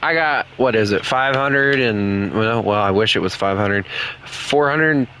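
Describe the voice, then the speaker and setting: A man rambling and joking with his friends while he plays a game at home. His voice is bright and forceful. Faint room ambience sits behind him. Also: lowish voice, a little slow, a little hiss or hum. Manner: rambling, joking, chatty with teammates. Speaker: gaming streamer. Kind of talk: casual chat while gaming.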